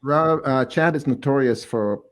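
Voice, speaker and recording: Relaxed, curious co-host, a man. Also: medium pitch, measured pace. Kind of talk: casual interview chat.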